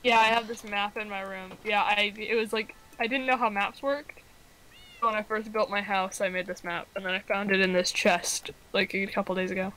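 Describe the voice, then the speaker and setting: A young woman chatting while playing a game with friends, giggly and quick to call herself dumb. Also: mid-range voice, fairly even intonation, a bit bright, a little hiss or hum, poor audio. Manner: giggly and self-deprecating. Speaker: fellow player. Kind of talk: casual chat while gaming.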